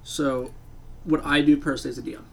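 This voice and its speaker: Gravelly emphatic game master man. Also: a little high, level tone, quick pace, a bit bright. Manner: emphatic, repeats words. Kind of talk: casual podcast chat.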